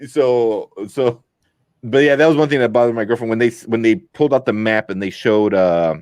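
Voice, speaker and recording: A man co-hosting a podcast, chatting about a movie in a rambling, animated way with lots of fillers. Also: medium pitch, brisk, clear, resonant tone, no echo, clean studio sound. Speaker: podcast co-host. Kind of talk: casual movie review chat.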